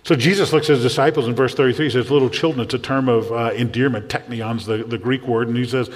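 A male pastor preaching a sermon in a church, animated, often acting out the voices he quotes and repeating words as he goes. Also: medium pitch, fast talker. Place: church sanctuary. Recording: long hall reverb.

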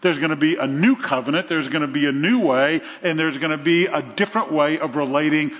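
A man's voice: fairly high pitch, fairly quick, a bit bright. A man preaching a sermon as pastor, earnest and fond of repeating phrases in threes. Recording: long reverb, dull lo-fi sound.

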